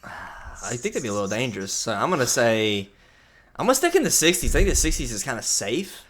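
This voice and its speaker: Bright, giggly young man on a podcast. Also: mid-range voice, very animated, brisk. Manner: teasing, giggly, mimics his friend. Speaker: podcast co-host. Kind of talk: casual chat.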